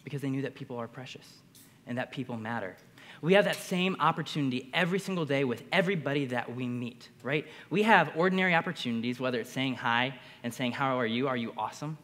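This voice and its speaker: Young man giving an energetic keynote in a hall. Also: medium pitch, quick pace. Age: young adult. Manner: energetic, builds to bursts of excitement. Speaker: conference speaker. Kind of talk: motivational keynote storytelling. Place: large hall. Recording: long hall reverb.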